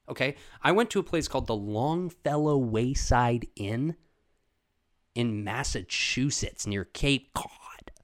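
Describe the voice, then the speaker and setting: A young man hosting a podcast, telling a long casual story with plenty of swearing. He jumps from loud outbursts to quiet, muttered asides. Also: mid-range voice. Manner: profane, animated storytelling with sudden loud bursts and quiet asides. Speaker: podcast host.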